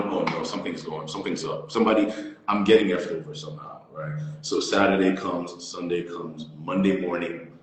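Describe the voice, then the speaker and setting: Deep-voiced man telling a story. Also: slight background noise. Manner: animated storyteller, acts out quoted voices. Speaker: actor guest. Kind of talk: storytelling in an interview. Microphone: phone or laptop on a live stream. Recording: very echoey with long reverb.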